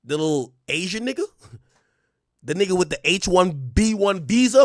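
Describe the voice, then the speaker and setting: A man hosting a livestream, telling a story in casual slang, animated and sometimes loud. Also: sits high, brisk, no room sound, studio quality. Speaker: streamer host.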